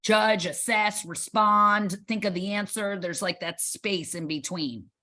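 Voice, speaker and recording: A woman guest in a casual interview, talking fast and acting out bits of dialogue as she tells her stories. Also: medium pitch. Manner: animated storyteller acting out dialogue. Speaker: boxing gym owner, guest.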